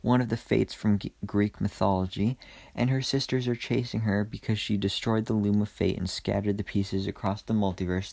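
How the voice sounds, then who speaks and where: Gravelly-voiced man recapping a TV episode. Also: lowish voice, darkish tone, no room sound. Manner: chatty, enthusiastic, frequent ums and restarts. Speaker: TV episode reviewer. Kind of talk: casual episode recap and review.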